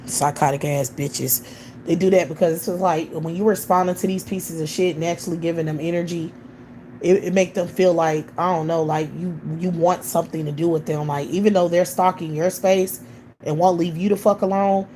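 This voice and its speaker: Low, dark-voiced woman ranting profanely. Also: level tone, fairly quick, slight background noise. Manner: blunt, profane, heated. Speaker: livestream host. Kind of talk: ranting livestream commentary. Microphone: computer or phone mic on a livestream.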